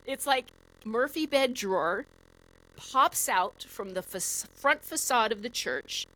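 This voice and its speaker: Animated woman telling a story. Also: a little high, takes it slowly, poor audio. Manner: animated, vivid storyteller with many fillers. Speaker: podcast guest. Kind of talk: casual storytelling.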